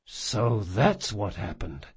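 A man voicing a big, loyal male thief, swinging between raw shouts and hushed, gentle speech. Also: mid-range voice, moderate pace, breathy edge.

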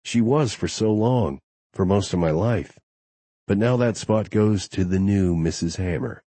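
A man's voice: on the low side, a little slow, dark tone, dry recording. A man voicing an earnest, friendly young newlywed in an audiobook, talking sincerely and a bit sheepishly.

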